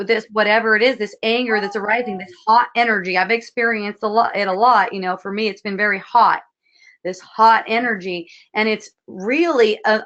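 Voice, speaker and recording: A woman hosting an online spiritual dialogue, speaking gently and repetitively, often asking "see?". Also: medium pitch, muffled recording. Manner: soft, repetitive, frequently asks "see?". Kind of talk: gentle spiritual guidance talk. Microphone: video call.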